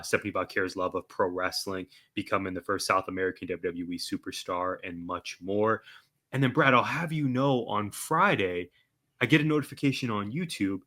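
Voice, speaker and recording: A man co-hosting a wrestling podcast, introducing a segment with energetic, hype delivery. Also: on the low side. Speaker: podcast co-host. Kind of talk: casual chat and segment hosting.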